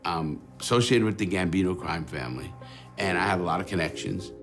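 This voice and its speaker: A man's voice: low-pitched, fairly quick, over music. A man giving a documentary interview, telling his own story in a blunt, profane way and acting out the dialogue. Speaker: former illegal bookmaker telling his story.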